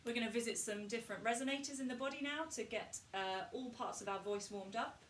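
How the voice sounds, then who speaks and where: A woman coaching a group through a vocal warm-up, calm and instructive as she models each exercise. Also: on the high side, fast talker, a little hiss or hum. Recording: echoey room, distant mic.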